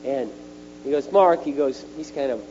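A middle-aged man preaching a sermon at a retreat, animated and emphatic, his voice jumping up on key words. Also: mid-range voice, moderate pace. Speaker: speaker at a retreat. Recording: dull lo-fi recording with faint mains hum.

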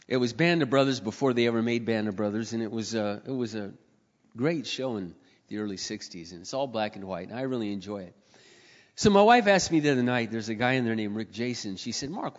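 A middle-aged man preaching a sermon, swinging between loud, high exclamations and quiet asides, often clearing his throat. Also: a little fast. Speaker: pastor. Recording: dull sound in a reverberant hall.

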